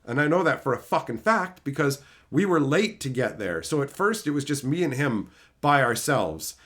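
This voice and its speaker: A man's voice: medium pitch, very animated, normal speed, fairly bright tone. A man streaming, telling a story in a casual rant, profane, exasperated and mocking.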